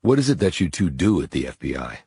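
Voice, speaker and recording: A man's voice: a bass voice, sing-song, fast, creaky, warm tone, breathy edge, no echo, full character voice. A man whispering as a probing police detective. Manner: probing, businesslike. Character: questioning male police detective. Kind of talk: whispered role-play.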